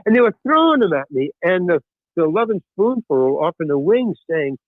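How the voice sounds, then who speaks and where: An older man spins long anecdotes in an animated way, his voice rising and falling a lot and sitting fairly high for a man. The sound is thin and phone-like, with a dry, close feel. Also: brisk, no room sound. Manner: animated anecdote-telling, frequent restarts. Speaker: podcast guest. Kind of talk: storytelling in casual chat.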